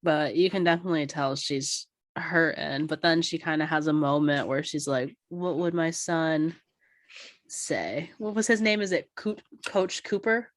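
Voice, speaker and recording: A woman's voice: deep voice, moderate pace, hardly any pauses, dry recording, clean studio sound. Laughing, cursing young woman. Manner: swears freely, laughs often. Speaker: podcast co-host. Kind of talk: casual recap chat.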